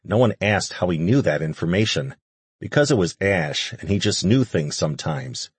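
A man reading an audiobook as narrator, in a steady, measured way. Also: low-pitched, breathy edge, no room sound. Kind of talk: scripted narration.

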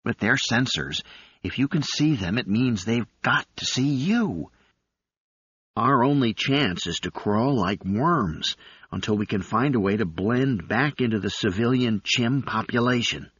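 A man voicing a gruff, wary male uplifted chimp fighter who speaks in an urgent, clipped way. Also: medium pitch, animated, measured pace, fairly bright tone, no room sound, voice pushed up. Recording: slightly dull recording.

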